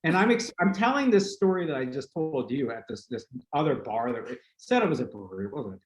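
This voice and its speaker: A man's voice: medium pitch, fast talker. Laughing man telling a rambling story, roomy sound. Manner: animated, laughing storyteller with many fillers. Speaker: podcast host. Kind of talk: casual storytelling. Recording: roomy echo with faint noise.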